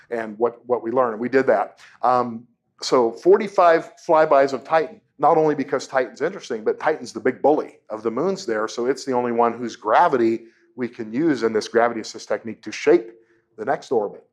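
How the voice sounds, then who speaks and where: A man, a propulsion engineer, giving a humorous public lecture to an audience in a lecture room, telling anecdotes and quizzing the crowd. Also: mid-range voice. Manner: storytelling, self-deprecating jokes, quizzes the audience.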